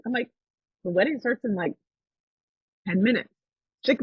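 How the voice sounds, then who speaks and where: Husky-voiced woman telling a story. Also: on the high side, fairly quick, long pauses, dry recording, dull audio. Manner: animated storytelling, acts out quoted voices. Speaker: podcast host. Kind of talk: casual chat.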